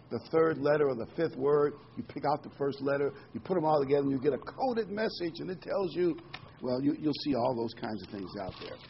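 A man's voice: medium pitch, muffled recording, slight background noise. A man preaching a sermon in an earnest teaching manner, quoting and explaining scripture with frequent "um"s.

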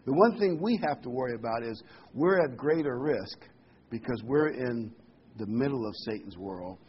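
A man's voice: mid-range voice, lively intonation, normal speed, highs cut off, a little hiss or hum. A man giving a sermon, earnest and emphatic, repeating key words and reading scripture aloud. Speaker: preacher.

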